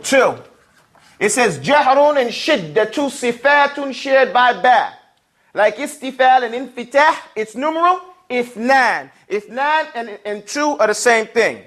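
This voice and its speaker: A man instructs a class in Arabic and recitation, his very high, fairly bright voice moving at a measured pace with lively intonation. Patient in his explanations, he works in call-and-response, the students repeating each word he says.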